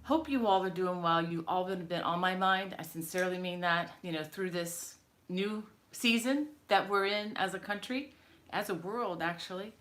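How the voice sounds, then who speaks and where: A woman's voice: lowish voice, moderate pace. A middle-aged woman hosting a crochet live stream from home, chatting with viewers and greeting them by name. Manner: chatty, warm greetings to viewers, many fillers. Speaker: crochet channel host. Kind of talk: casual live-stream chat.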